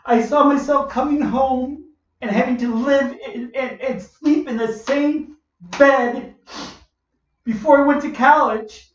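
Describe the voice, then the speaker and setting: A man's voice: extremely high pitch, steady tone, takes it slowly. A man in his forties telling a personal story in a repetitive, emotional way. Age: 40s. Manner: repetitive, emotional, repeats phrases. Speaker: vlogger. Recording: roomy, distant, muffled recording.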